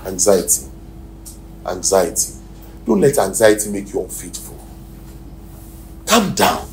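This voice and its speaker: A Nigerian-accented man preaching a sermon as pastor, swinging from loud shouted exhortations to quiet near-whispers. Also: low-pitched, sing-song, measured pace, creaky. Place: church hall. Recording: echoey hall, distant mic, faint noise.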